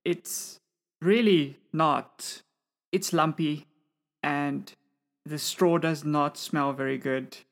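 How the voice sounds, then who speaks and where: Gm narrating the scene, calm descriptive voice. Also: medium pitch, slow. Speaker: game master. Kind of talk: narrating a tabletop game.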